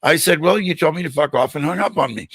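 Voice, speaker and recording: Older guy hosting a chat, bright forceful voice, dry close mic, acts out the quotes. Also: on the high side, fast, husky, no echo. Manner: animated storyteller, acts out quoted dialogue. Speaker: podcast host. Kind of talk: storytelling in a casual interview.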